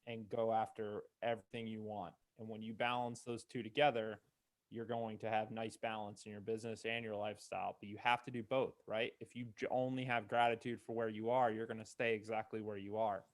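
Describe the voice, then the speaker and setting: A man co-hosting a motivational talk, measured and explanatory. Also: on the low side, flat delivery.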